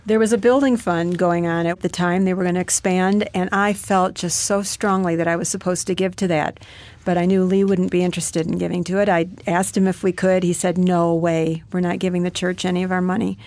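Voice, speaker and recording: A woman's voice: on the low side, steady tone, a little fast, darkish tone. A woman telling her personal story as a guest in an interview, in a plain storytelling manner. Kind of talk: personal testimony in a radio interview.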